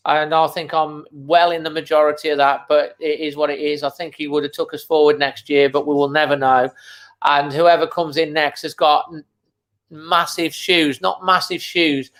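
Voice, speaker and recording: Bloke on a fan stream, bit high, flat tone, choked up, says stuff twice. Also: male voice, brisk. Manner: emotional, holding back tears; casual, repeats phrases. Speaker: fan channel host. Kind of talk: live match watchalong commentary.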